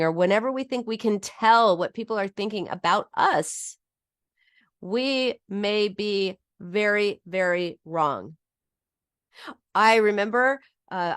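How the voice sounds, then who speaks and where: An earnest, heartfelt middle-aged woman gives a personal teaching talk about binge eating. Her pitch sits in the middle range, and she often restarts sentences as she goes. The recording is dry, with no room echo. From United States.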